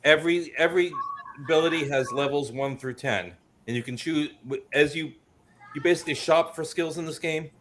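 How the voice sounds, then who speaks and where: A man's voice: on the high side, fairly quick, a bit bright, slight background noise. Hoestende man die zijn spel uitlegt. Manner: talkative, explaining, frequent restarts. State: coughing, slightly choked up. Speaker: tabletop game creator and comic author. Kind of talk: casual convention panel chat.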